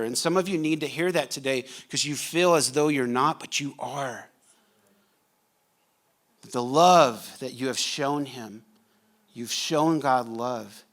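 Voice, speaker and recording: A male pastor preaches in a church in a loose, conversational way, teasing the congregation between points. His voice sits a little higher than most men's. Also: animated, unhurried, a bit bright. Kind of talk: sermon. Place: church sanctuary.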